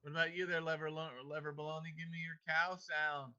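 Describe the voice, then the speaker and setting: A man's voice: a little high, flat delivery, brisk, pushed and bright, a little hiss or hum. A man leading an online devotional class, emphatic and playful as he coaxes his students along. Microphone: video call. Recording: muffled video-call audio.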